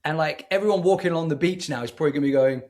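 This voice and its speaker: A man co-hosting a casual movie review podcast, talking in an excitable, effusive way with frequent restarts. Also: on the high side, racing. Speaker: podcast co-host.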